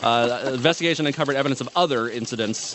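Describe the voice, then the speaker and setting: Quick, hesitant male radio guest. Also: mid-range voice, fairly bright tone, slight background noise. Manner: hesitant, filler-heavy, agreeable. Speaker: guest co-host. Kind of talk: casual radio chat.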